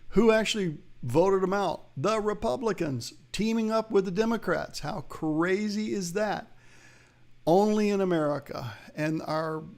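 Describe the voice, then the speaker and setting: A man's voice: on the high side, creaky. A man hosting a live investing webcast, giving market commentary in a chatty way, talking straight to viewers and reading their chat. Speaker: host of a live investing show.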